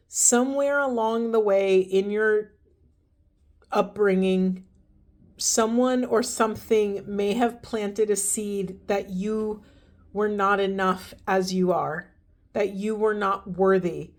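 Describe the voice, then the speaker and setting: Brief: woman, mid-pitched, earnest and heartfelt, talking viewers through a spiritual card reading. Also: a little mellow. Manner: earnest, emotional, spiritual, speaks directly to viewers. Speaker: tarot and oracle card reader.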